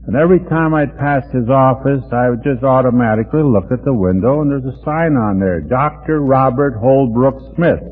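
A man's voice: mid-range voice, a little fast, hardly any pauses, breathy edge, faint music behind. A man in his seventies telling his life story to an audience in a folksy, plain-spoken way. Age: older. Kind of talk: recorded personal talk to an audience. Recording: tinny old phone-like archival recording.

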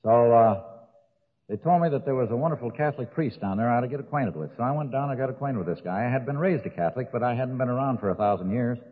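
A man's voice: medium pitch, lively intonation, quick pace, breathy edge. An older man telling jokes and his drinking story in a folksy way, laughing at his own stories. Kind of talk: recovery talk with jokes. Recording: tinny old recording with long hall reverb.

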